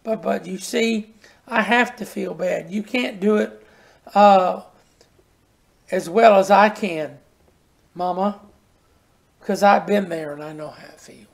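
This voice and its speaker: A sorrowful, tender-hearted little girl from a storybook, read aloud by a preacher. She speaks softly and shakily, with a slight gravel in the voice. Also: mid-range voice, slow pace, long pauses. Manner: soft, shaky storybook reading.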